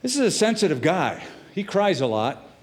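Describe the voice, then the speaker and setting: A middle-aged man preaching as a pastor, telling the story in a lively way and acting out the characters' quotes. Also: moderate pace. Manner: animated storytelling, acts out quotes with shifts in pitch and loudness. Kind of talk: sermon.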